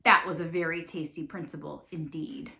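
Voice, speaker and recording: Woman doing a raspy scheming storybook wolf. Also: fairly even intonation, normal speed, noisy background. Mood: gloating. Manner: low, hushed, scheming. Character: sly hungry male wolf in disguise. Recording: echoey room.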